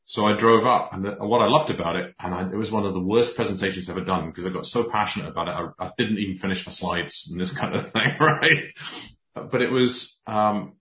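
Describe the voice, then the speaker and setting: Man, very low voice, roomy dull sound, animated storyteller. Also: brisk. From Scotland. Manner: animated storyteller, many restarts. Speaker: podcast guest. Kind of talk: casual conversation.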